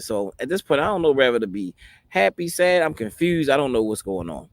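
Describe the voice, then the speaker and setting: A man's voice: medium pitch, sing-song, a little fast, no room sound. A man in his forties telling a personal story in a rambling way, filling it with many "you know what I mean" asides. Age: 40s. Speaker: host.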